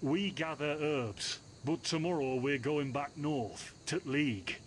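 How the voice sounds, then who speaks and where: A man's voice: on the high side, takes it slowly, slight background noise. A man voicing a friendly, talkative male herbalist in a game, speaking conversationally. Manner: friendly, conversational, gently teasing. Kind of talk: game voice acting.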